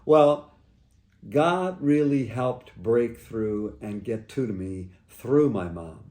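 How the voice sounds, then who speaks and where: This is a gentle priest in a personal reflection, his mid-range voice halting and full of restarts. The room around him is echoey, so his words carry a roomy ring. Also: medium pitch, lively intonation.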